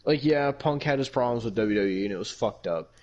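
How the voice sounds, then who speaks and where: A man's voice: mid-range voice, brisk, a little mellow. Heated, foul-mouthed male podcast host. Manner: heated, heavily profane ranting. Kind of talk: casual podcast rant.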